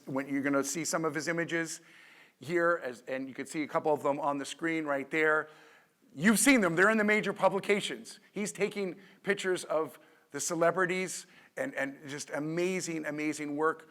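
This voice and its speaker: A man's voice: fairly high pitch, sharp tone. Enthusiastic male MC on stage. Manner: enthusiastic, halting with restarts. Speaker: MC of the presentation room. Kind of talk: stage introduction. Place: expo stage before an audience.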